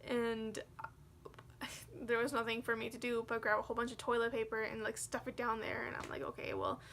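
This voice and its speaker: A woman's voice: on the high side, fairly quick, slight background noise. A young woman vlogger telling a personal story in a casual, chatty way, full of "like" and quoted dialogue. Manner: chatty, animated retelling with many "like"s.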